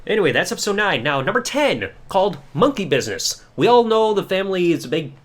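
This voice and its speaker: A man casually recapping TV episodes on his podcast, his slightly high voice swooping all over as he talks. He rambles, swears freely and keeps dropping into quick imitations of the people he describes. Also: sing-song. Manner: profane, rambling storytelling with quick mimicked voices. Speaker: podcast host.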